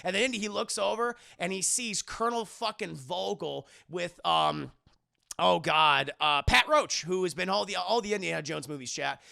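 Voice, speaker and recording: A man's voice: high-pitched, normal speed, gravelly, sharp tone, dry recording, studio quality. A man reviewing a film live for his chat, retelling scenes in a casual, profane way.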